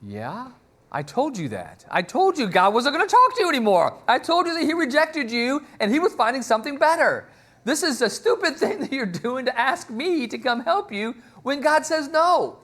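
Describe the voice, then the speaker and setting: A man's voice: mid-range voice, huge pitch swings, slow, slightly rough, heavily acted. A man voicing an irritated old prophet, scolding and impatient. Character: exasperated old male prophet raised from the dead.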